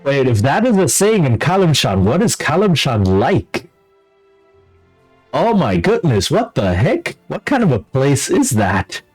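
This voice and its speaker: A man's voice: on the high side, sing-song, measured pace, darkish tone, breathy edge, faint music behind, low-quality recording. A man streaming a fantasy role-playing game, reading dialogue aloud and reacting playfully. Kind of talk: casual let's-play commentary.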